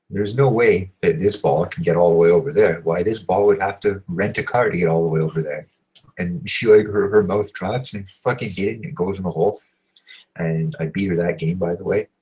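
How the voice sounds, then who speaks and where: A man telling a crude, rambling story, swearing constantly and filling every pause. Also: low voice, a little mellow, breathy edge, low-quality recording. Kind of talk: profane storytelling monologue.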